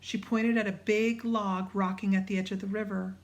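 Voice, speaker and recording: A woman reading a children's storybook aloud, hushed in quiet passages. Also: mid-range voice, flat delivery, moderate pace. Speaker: audiobook narrator.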